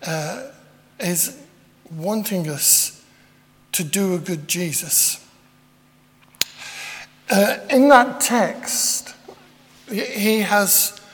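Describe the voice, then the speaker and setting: A man preaching a rambling, self-deprecating, conversational sermon with many fillers. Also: high voice. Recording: long hall reverb.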